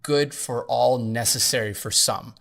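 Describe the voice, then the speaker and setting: A man's voice: medium pitch, a little slow, creaky, a bit bright. A man co-hosting a podcast, talking earnestly and casually, with fillers like "um" and "like.". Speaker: podcast co-host.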